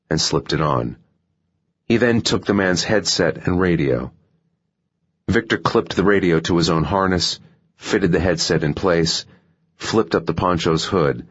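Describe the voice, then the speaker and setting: Very deep, husky male audiobook narrator. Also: muffled recording. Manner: steady, measured thriller reading. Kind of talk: scripted narration.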